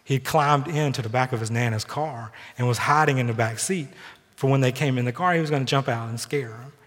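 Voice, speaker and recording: A man in a church sanctuary preaching a sermon as pastor, earnest, with lively personal storytelling. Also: medium pitch, brisk. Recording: long reverb from a large hall.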